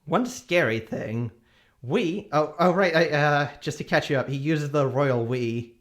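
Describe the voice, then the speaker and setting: A man's voice: a little high, measured pace. A man streaming, reading a long game review aloud with small hesitations.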